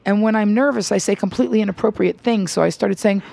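A middle-aged woman comedian telling an animated story in an interview. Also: medium pitch, a little fast, gravelly, few pauses, no echo. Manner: animated, tells anecdotes with acted quotes. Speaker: stand-up comedian and radio host.

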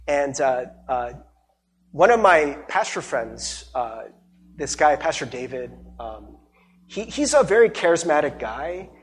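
A man pastor giving a sermon, telling a personal story in an animated way, laughing often and acting out the people he quotes. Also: fairly high pitch, a little hiss or hum.

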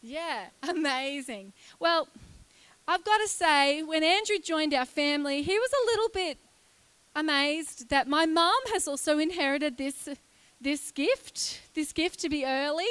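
A woman, preaching a lively, chatty sermon in a church and joking with the congregation. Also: high voice, measured pace, dry recording. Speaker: guest preacher.

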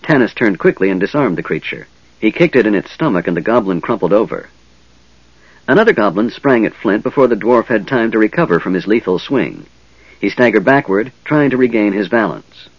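A man narrating a fantasy audiobook in an expressive reading, recorded dull and dry. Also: lowish voice, brisk, husky, no room sound. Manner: lively, expressive reading with many voices.

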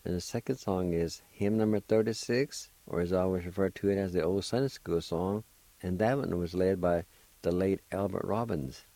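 A man's voice: sits low, moderate pace, mellow, dry recording, low-quality recording. A man teaching a radio language lesson, patient and encouraging as he spells words out one letter at a time, on a close studio microphone.

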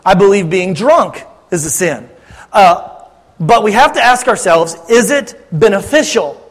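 A man's voice: sits high, animated, measured pace, big-room sound. A man preaching as a pastor, talking to his congregation in a conversational, joking way. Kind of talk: sermon Q&A.

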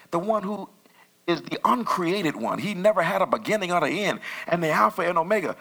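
Male pastor, conversational sermon, bright gravelly tone, lively swings in pitch. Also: quick pace. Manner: animated, conversational preaching with sudden loud bursts.

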